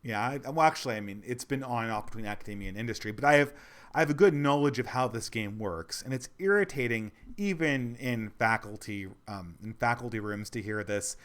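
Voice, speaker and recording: A man's voice: mid-range voice, a little fast, a bit bright. A man in his thirties talks through a critical commentary in an easy, unscripted way. He often restarts and repeats himself, and the irritation shows throughout. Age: 30s. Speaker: channel host.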